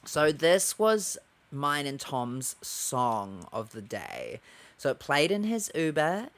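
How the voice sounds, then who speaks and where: A young man co-hosting a casual podcast, telling stories in an animated, playful way. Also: on the high side, slow. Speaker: podcast co-host. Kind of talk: casual chat.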